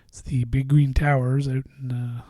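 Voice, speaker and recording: Dark-voiced man rambling on a podcast. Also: mid-range voice, little pitch movement, moderate pace, no room sound. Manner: rambling and profane, drifting into mumbles. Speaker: podcast host. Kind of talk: casual solo podcast monologue.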